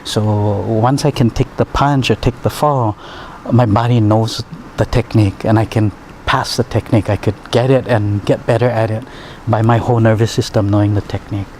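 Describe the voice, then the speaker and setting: A man's voice: fairly low pitch, steady tone, normal speed, few pauses, a little mellow, a little hiss or hum. A man, a martial arts teacher and healer, telling stories in a rambling, chuckling way full of fillers. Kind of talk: conversational storytelling.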